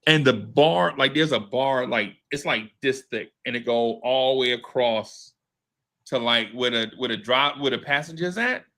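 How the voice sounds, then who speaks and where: This podcast host has a medium-pitched voice and speaks at a moderate pace. Casual and slangy, he spins a story with plenty of energy, cursing as he performs other people's lines.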